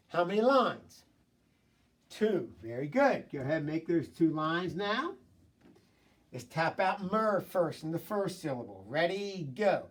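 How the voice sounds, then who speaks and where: Man, phonics teacher, encouraging, slow sounding out, slightly distant mic. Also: on the high side. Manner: encouraging, prompting, sounds words out slowly. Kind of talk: recorded remote phonics lesson.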